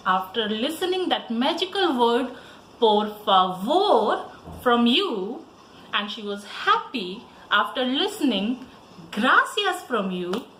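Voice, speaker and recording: A woman teacher with an Indian English accent, giving a slow, sing-song language lesson to young children. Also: fairly high pitch, reverberant, a little hiss or hum, poor audio. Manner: slow, lively, sing-song teaching voice with repeat-after-me prompts.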